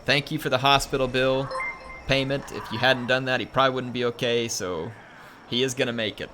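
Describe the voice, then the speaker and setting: A man's voice: mid-range voice, fairly even intonation, a little fast. A man casually commenting on a strategy game during a live stream, chatting with viewers and reading their messages aloud. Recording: music playing under voice.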